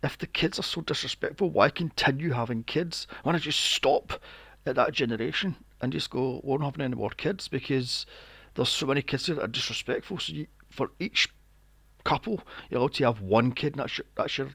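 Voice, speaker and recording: There's no room sound as this man, with a mid-range, fairly bright, slightly rough voice and vocal fry, talks briskly on a casual movie podcast he co-hosts. Incredulous and cursing freely, he throws out one rhetorical question after another.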